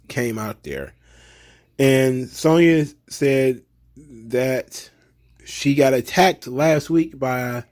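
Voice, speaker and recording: Chatty man recapping wrestling. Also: medium pitch. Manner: chatty, opinionated, slips into animated impressions of fans. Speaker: wrestling show reviewer. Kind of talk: casual recap commentary.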